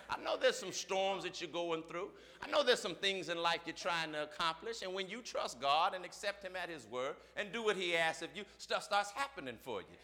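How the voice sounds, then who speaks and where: Male pastor preaching in a church service, rhythmic and repetitive, with a very bright timbre. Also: high voice, animated, moderate pace, few pauses. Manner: rhythmic call-and-response preaching with repeated phrases. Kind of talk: sermon.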